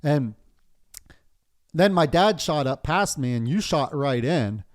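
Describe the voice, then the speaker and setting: A man's voice: fairly high pitch, animated, takes it slowly. A man from Pennsylvania hosting a podcast, telling a story in casual chat, swearing often and laughing through it. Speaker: podcast host.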